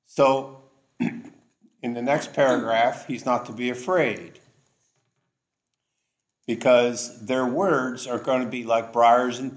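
A man teaching a Bible study, explaining scripture deliberately and checking in with the class. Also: mid-range voice. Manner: slow, deliberate, checks in with "okay?".

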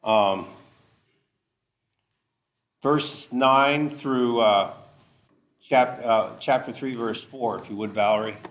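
A man teaching a Bible study, explaining scripture deliberately and checking in with the class. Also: fairly low pitch, steady tone. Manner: slow, deliberate, checks in with "okay?".

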